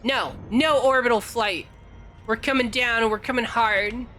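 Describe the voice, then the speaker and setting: A woman's voice: fairly high pitch, fairly even intonation, unhurried, a bit bright, faint music behind. A woman from California streaming a game, chatting casually and teasing her chat in a playful way.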